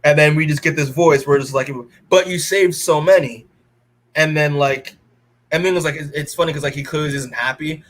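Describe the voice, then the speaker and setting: Podcast co-host, male, casual comic recap, rambling delivery, mid-pitched voice. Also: steady tone, fast, a bit bright. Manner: rambling recap full of "like" and restarts, quoting characters in his own voice. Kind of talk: casual comic-book review chat.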